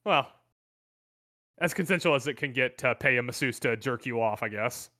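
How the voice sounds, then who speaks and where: A man's voice: medium pitch, normal speed, no echo, clean studio sound. A man co-hosting a sports podcast, chatting casually and teasing with jokes. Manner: animated, joking, teasing. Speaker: podcast co-host.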